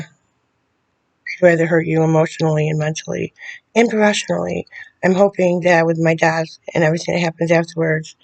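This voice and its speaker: A woman speaking straight to the camera in a video letter, bitter and confrontational, often halting and restarting her sentences. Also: fairly low pitch, darkish tone. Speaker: vlogger addressing a public figure.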